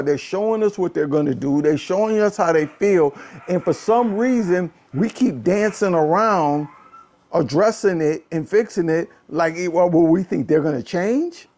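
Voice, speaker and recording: Fired-up man ranting on politics. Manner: animated, exasperated, repeats phrases, swings from low mutter to raised voice. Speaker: podcast host. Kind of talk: casual political commentary rant.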